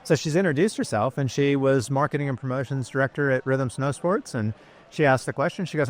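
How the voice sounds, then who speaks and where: A man's voice: medium pitch, a little fast. A man, a business founder chatting in an interview, rambling and filling his talk with ums and you-knows. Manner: chatty, rambling, many fillers. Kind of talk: casual interview storytelling.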